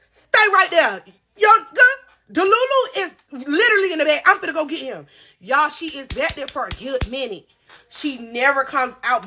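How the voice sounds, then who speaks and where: A woman in her twenties telling a storytime on a live vlog, animated and slangy, laughing as she goes. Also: sits high. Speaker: vlogger.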